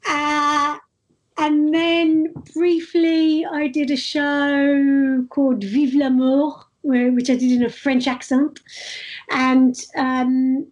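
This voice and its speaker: Woman, high pitched, animated storyteller, casual interview guest. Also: slow, low-quality recording. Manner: lively, animated storytelling with laughs. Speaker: street performer guest.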